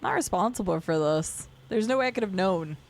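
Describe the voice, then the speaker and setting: A woman's voice: mid-range voice, animated, brisk. A woman streaming a video game, giving casual commentary and sarcastically talking back to the characters.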